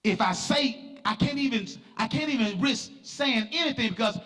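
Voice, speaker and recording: A middle-aged man, preaching an emphatic sermon as pastor and often shouting in a preaching cadence. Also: very high-pitched, expressive, moderate pace. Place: church sanctuary. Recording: long church reverb with faint music.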